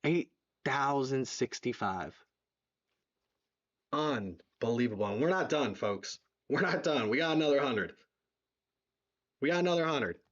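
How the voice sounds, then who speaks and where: Philly-male stream host, excitable, repeats lines, slightly muffled audio. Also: medium pitch, a little slow, long pauses. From southeastern Pennsylvania. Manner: excitable, repeats himself, reads donations aloud. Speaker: livestream fundraiser host. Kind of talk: live stream chat.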